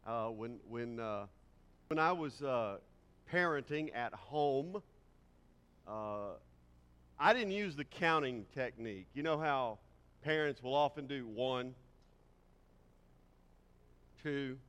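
A man's voice: mid-range voice, animated, takes it slowly, a bit bright, smooth. A middle-aged man preaching a sermon as pastor, shifting his pace and volume for emphasis. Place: church sanctuary. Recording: long hall reverb.

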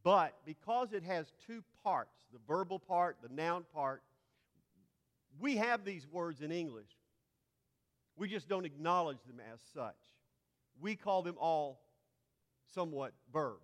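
Man, high voice, preacher, teaching sermon, repeats words, emphatic peaks, long hall reverb. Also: expressive, measured pace, long pauses, fairly bright tone.

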